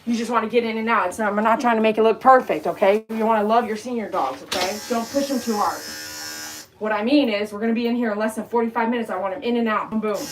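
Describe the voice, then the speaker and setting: Woman groomer, a bit high-pitched, blunt and chatty, with loud clipper buzz behind her. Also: quick pace, background noise. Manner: chatty, blunt, talks to the dog and viewers. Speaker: dog groomer. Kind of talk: casual talk while grooming. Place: grooming room.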